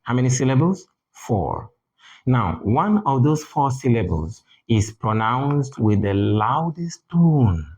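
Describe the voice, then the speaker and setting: A man teaching English pronunciation in a deliberate manner, repeating key words for emphasis. English is not his first language. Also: medium pitch, big pitch swings, darkish tone, breathy edge, poor audio. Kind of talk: spoken lesson.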